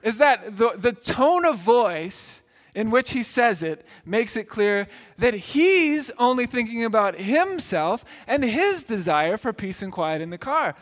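A man's voice: high voice, big pitch swings, a little slow, few pauses, fairly bright tone, in a large hall. A middle-aged man preaching a sermon, talking in a conversational way and acting out small scenes now and then. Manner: conversational preaching with acted asides. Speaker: pastor.

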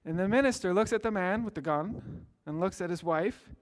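A man with a notably high speaking voice delivers a sermon as pastor. He tells stories plainly, then lifts into earnest, emphatic calls to his listeners. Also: fairly quick. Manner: earnest preaching with rising emphatic exclamations.

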